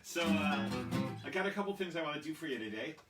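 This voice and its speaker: A man's voice: on the high side, expressive, fast, distant mic. A man with a slightly raised voice tells children a story in an easy, rambling way, full of fillers and asides. He sounds roomy and set back from the mic, with guitar music in the background. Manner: chatty and rambling, with many fillers. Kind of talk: casual storytelling and singalong for kids. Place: small one-room home studio.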